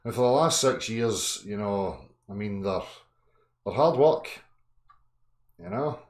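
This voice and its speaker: A man in his thirties ranting angrily on a live chat, profane, swinging from low muttering to shouting. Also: expressive, takes it slowly, echoey room. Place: indoor room.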